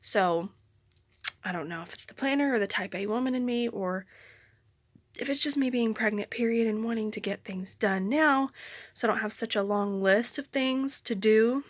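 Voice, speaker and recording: A woman's voice: a little high, moderate pace, no room sound. A young woman chatting casually in a pregnancy update vlog from her bedroom. She is a little out of breath and talks in a rambling, apologetic way with many ums, filming on a handheld phone. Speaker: vlogger. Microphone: handheld phone camera at arm's length.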